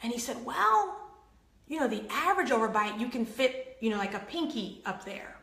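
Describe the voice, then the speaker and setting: High bright-voiced woman giving a faith talk. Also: very animated, moderate pace, reverberant. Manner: storytelling with acted quotes and laughter. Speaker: host.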